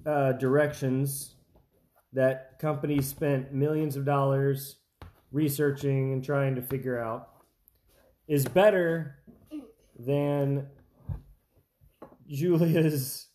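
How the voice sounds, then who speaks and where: A man's voice: mid-range voice, steady tone, slow, long pauses, warm tone. A man hosting a family baking taste test in a home kitchen, chatting casually with lots of fillers and restarts.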